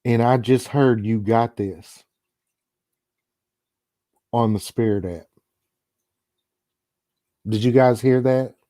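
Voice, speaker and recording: A man's voice: medium pitch, steady tone, slow, pauses often, mellow, dry recording, studio quality. A man from Chicago hosting a paranormal livestream, chatting casually and laid-back with viewers and calling on spirits. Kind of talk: casual live chat.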